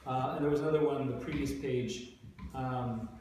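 A man's voice: mid-range voice, steady tone, normal speed. A man who teaches drama, patiently coaching students through a rehearsal and checking in with them often. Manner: patient, encouraging, full of "okay?" checks. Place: school classroom. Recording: echoey classroom, far from mic, background noise.

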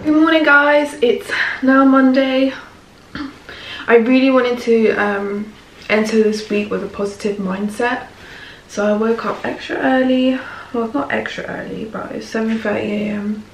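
A woman's voice: on the high side, fairly even intonation, measured pace, vocal fry. Chatty young woman vlogging. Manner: chatty, peppers speech with "like" and "honestly". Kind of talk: casual vlog chat. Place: at home. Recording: echoey room with light background noise.

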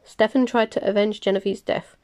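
A woman voicing a deferential male vampire underling, apologetic and rough-voiced, in a storybook reading. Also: mid-range voice, fairly even intonation, brisk, a little mellow, lightly acted.

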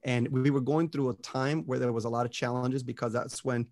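Gravelly-voiced man, energetic motivational talk. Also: medium pitch, a little fast, no echo. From Puerto Rico and the US. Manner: energetic motivational speaker, peppers talk with "right?" and "you know". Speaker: interview guest. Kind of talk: casual podcast conversation.

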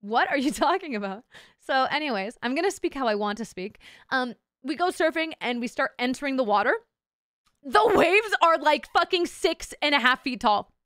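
A woman's voice: sits high, lively intonation, moderate pace, a bit bright, no room sound, studio quality. A young woman streaming as a VTuber, telling a story in casual chat, bubbly and giggly and swearing constantly.

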